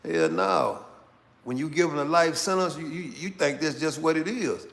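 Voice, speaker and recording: A middle-aged man hosting his channel, talking in a slow, casual street style and tagging phrases with "man" and "right?". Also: a little high, fairly bright tone. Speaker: channel host. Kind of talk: casual commentary monologue.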